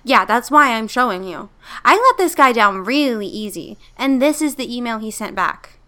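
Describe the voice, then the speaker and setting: High, lively, matter-of-fact woman. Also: normal speed. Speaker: friend in a scripted scene. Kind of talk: scripted comedic dialogue.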